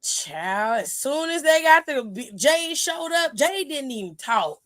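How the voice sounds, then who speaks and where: A woman host giving a sassy, gossipy recap of a wrestling show in casual chat, retelling it with lively energy. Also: high-pitched, a little slow. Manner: sassy, gossipy, exclaims "child" often; animated retelling with lively quoted voices. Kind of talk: casual chatty commentary.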